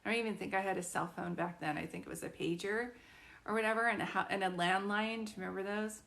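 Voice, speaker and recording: A woman's voice: medium pitch, steady tone, fast talker, creaky, fairly bright tone. Chatty woman in her fifties, storytelling. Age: 50s. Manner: chatty, with frequent fillers and restarts. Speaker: psychic medium. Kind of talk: casual personal storytelling.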